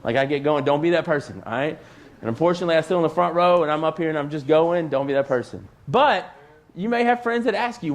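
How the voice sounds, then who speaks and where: This is a male youth pastor giving a laid-back sermon from the front of a church. His voice sits a touch higher than most men's, and he keeps it loose and conversational, full of "like" and quick asides. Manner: conversational, peppered with "like". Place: church stage.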